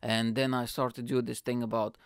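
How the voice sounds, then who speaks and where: A man's voice: medium pitch, flat delivery, a little fast, clean tone, no echo, clean studio sound. A young man, a stand-up comedian, rambling impulsively and swearing as he tells a story on his podcast. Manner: impulsive, profane, rambling, lots of fillers. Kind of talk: casual storytelling chat.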